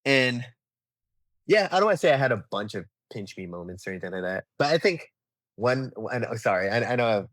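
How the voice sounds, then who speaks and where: Young adult man, podcast guest, casual animated storyteller, mid pitch, dry sound. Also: a little fast, dry recording. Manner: animated storyteller, acts out quotes, many fillers like "like" and "um". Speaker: podcast guest, toy photographer. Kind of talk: casual interview chat.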